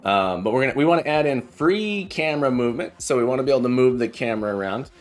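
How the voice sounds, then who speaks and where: A man's voice: mid-range voice, expressive, quick pace. Chatty, joking male coding streamer. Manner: chatty and jokey, repeats phrases. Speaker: programming teacher and live streamer. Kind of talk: casual live-coding stream chat. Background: faint background music.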